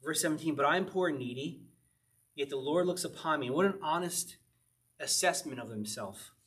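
Chatty pastor teaching the Psalms. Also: male voice, a little high, moderate pace, fairly bright tone. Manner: conversational, laughing often, reading scripture aloud. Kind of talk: informal Bible study teaching.

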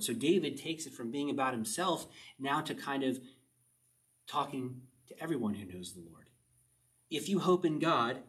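A man's voice: medium pitch, animated, normal speed, a bit bright, distant mic, poor audio. A man preaching a casual sermon, reading a psalm and explaining it in a chatty way, asking his listeners questions and often chuckling. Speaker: pastor.

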